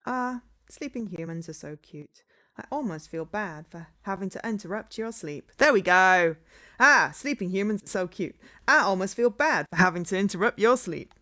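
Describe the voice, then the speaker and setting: A woman's voice: mid-range voice, animated, moderate pace, pushed and bright. A woman voicing a suave male vampire who teases fondly and purrs the word darling. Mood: teasing. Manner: purring, says darling.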